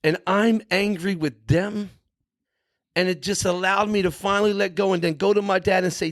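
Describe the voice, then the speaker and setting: A man's voice: high-pitched, fairly even intonation, moderate pace, no room sound. A middle-aged man, a podcast guest, telling his recovery story candidly, emphatic and earnest, often tagging lines with "you know" and "right".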